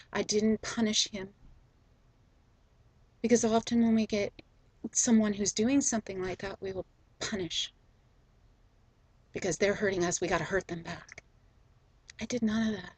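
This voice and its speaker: A middle-aged woman hosting a spiritual video, telling a personal story in a soft, slow, gentle way with frequent ums. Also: mid-range voice, slightly rough, poor audio.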